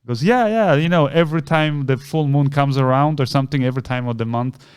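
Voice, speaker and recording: Man telling a lively story on a podcast. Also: fast, clear, resonant tone. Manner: animated, acts out quoted voices with big pitch jumps. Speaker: podcast co-host. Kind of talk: casual storytelling chat.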